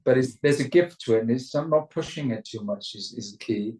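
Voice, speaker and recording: A man's voice: medium pitch, a little fast, darkish tone. Welsh guy rambling on a zoom call, lots of restarts, sounds a bit far off in an echoey room. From Wales. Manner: chatty, rambling, stammers into restarts, mimics voices. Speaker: rock singer, interview guest. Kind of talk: casual video call interview. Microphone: video call.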